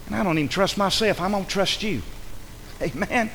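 A man preaching a sermon, lively and forceful, acting out the voices of the people he addresses. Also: high voice, fairly quick, in a large hall, a little hiss or hum, poor audio. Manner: animated preaching, acts out imagined voices. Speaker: pastor.

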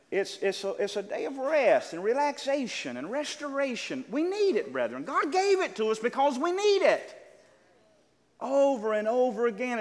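An older man preaching a sermon to a congregation, calling out amens and building to loud, exclaimed lines. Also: high voice. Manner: preaching with call-and-response amens, building to shouts. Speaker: pastor. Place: church. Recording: church hall with long reverb.

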